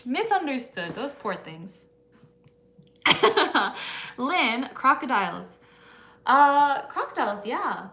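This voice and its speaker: A woman's voice: sits high, big pitch swings, takes it slowly, long pauses, pushed and bright, roomy sound. A woman co-hosting a casual livestream Q&A, playful and laughing often. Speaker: livestream co-host.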